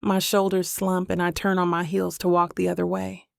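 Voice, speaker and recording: A woman's voice: lowish voice, monotone, moderate pace, vocal fry, no echo, clean studio sound. A woman narrating a first-person romance audiobook in an introspective, emotional inner-monologue manner.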